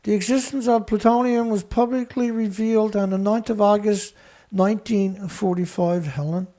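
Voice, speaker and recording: A man hosting a show, reading research text aloud haltingly and breaking in with scornful remarks to an absent critic. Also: high-pitched, steady tone, mellow. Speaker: show host. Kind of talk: reading documents aloud with commentary.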